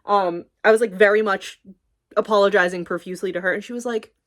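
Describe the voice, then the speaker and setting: A woman's voice: medium pitch, fast. Chatty young woman, swearing and rambling. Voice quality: swearing, rambling, animated retelling. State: tearful. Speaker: streamer talking about her library job. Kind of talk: casual chat.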